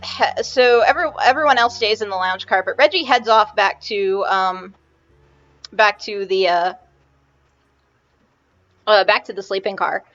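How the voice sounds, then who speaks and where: Halting woman game master, muffled. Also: medium pitch, fairly bright tone. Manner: halting, restarting, chatty. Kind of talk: narrating a tabletop game. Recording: muffled lo-fi recording.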